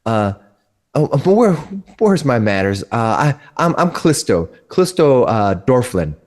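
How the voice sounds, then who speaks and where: A man's voice: mid-range voice, sing-song, normal speed, a little mellow, close to an everyday voice. A man voicing a polite, flustered woman traveler who stammers over her manners in a tabletop game.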